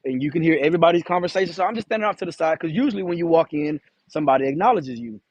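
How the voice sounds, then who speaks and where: A man's voice: a little high, lively intonation, racing, no room sound, highs cut off. A man, a truck driver telling a story in a casual vlog, talking candidly with some swearing and acting out the voices of the people in it. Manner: candid, profane, acts out quoted dialogue.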